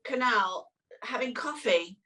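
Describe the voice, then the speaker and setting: A woman's voice: on the high side, slow pace, pushed and bright. A woman co-host telling a story in a gushing, breathless way. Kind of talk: casual chat.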